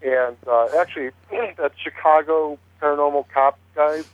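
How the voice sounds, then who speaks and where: A man's voice: on the high side, moderate pace, a crowd in the background. Man on a tinny phone line. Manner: rambling, many fillers and restarts. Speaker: paranormal investigator guest. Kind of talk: casual chat on a phone-in talk show.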